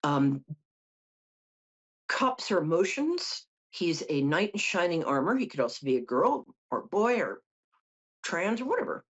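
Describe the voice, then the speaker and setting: A middle-aged woman reads tarot for callers in a loose, joking style full of side stories. Her voice is husky and sits low, but it swings animatedly up and down. The sound is dull and lo-fi, like broadcast radio. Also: sing-song, a little slow, pauses often. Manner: chatty, joking asides. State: tired from no sleep. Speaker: psychic host. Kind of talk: casual tarot reading on call-in show.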